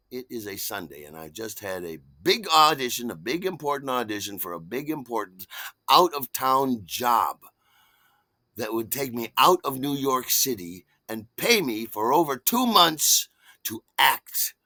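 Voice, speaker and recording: An older man hosts and tells a personal story, theatrical and animated, veering from booming to hushed. His voice is bright and forward, with a pitch that jumps widely. The sound is close and dry. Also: dry recording. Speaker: podcast host.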